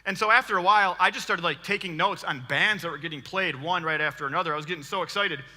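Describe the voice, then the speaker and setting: A man in his thirties giving a storytelling sermon as a guest preacher, animated and joking, laughing often. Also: sits high, fast. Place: church hall. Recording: long hall reverb.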